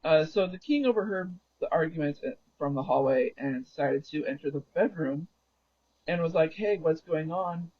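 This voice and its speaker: A man's voice: on the high side, moderate pace, breathy edge. A man streaming a game and casually retelling a story, rambling and often correcting himself mid-sentence. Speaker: gaming livestreamer. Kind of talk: casual storytelling while gaming. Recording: dull lo-fi recording.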